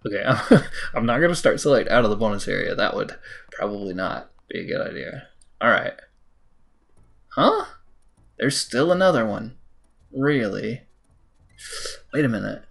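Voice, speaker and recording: An American man giving casual gameplay commentary, talking to the game, mocking himself and breaking into sudden high exclamations. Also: lively intonation, moderate pace, gravelly, long pauses, a bit bright, soft background music. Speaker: let's play host.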